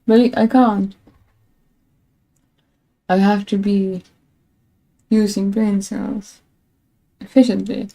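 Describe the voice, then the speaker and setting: A woman's voice: medium pitch, level tone, takes it slowly, gravelly, pauses often, warm tone, rough recording. A woman streamer chatting casually and rambling, laughing at herself while frustrated with her stream setup. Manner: rambling, self-mocking, laughs often; frustrated with tech. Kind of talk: casual live-stream chat.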